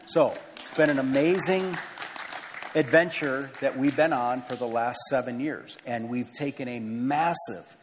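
Earnest pastor in a reverberant church. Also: male voice, mid-range voice, unhurried, a crowd in the background, noisy background. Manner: conversational, earnest, self-deprecating asides. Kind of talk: church announcements from the pulpit. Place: large church sanctuary with a balcony. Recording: long hall reverb in a church.

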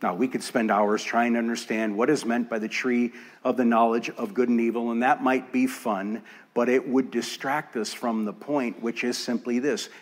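A man preaches from a church pulpit in a measured, deliberate voice of middling pitch. He leans on repetition, layering parallel phrases to drive each point home. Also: fairly even intonation. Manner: measured, emphatic build through repeated phrases. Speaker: pastor. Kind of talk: sermon.

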